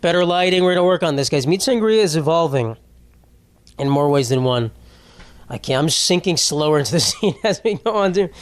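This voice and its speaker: Profane rambling young man, smooth voice. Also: on the high side, expressive, brisk. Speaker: podcast host. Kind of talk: casual solo podcast chat.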